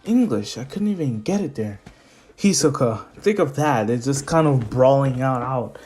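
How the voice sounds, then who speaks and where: A man's voice: mid-range voice, expressive, moderate pace, darkish tone, soft background music. A man casually retelling an improvised anime fan story, rambling with restarts and laughs.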